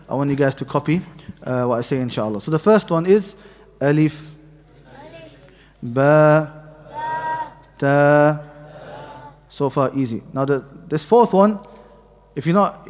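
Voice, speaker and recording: Man teaching in a reverberant mosque hall. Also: fairly high pitch. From Pakistani heritage. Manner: patient, repeats letters for students to copy. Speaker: tajweed teacher. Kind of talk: mosque class lesson.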